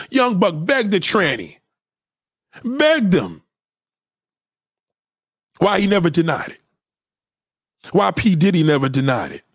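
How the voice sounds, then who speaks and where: In studio-quality audio without echo, a man with a fairly high pitch addresses his followers in a heated, blunt rant full of swearing, repeating what he's already said.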